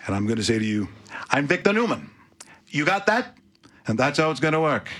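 A bossy, blustering tycoon, as a man puts him on. The voice is bright and husky and pushed high with swagger. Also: big pitch swings, a little fast.

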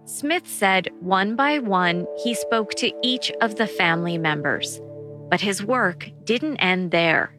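A woman giving calm, scripted narration for a news documentary. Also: mid-range voice, takes it slowly, music in the background.

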